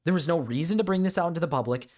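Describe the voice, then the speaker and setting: A man's voice: fairly high pitch, very fast, a little mellow. A man streaming a reaction to a video, ranting in a profane, exasperated way at his chat. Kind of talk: reaction commentary.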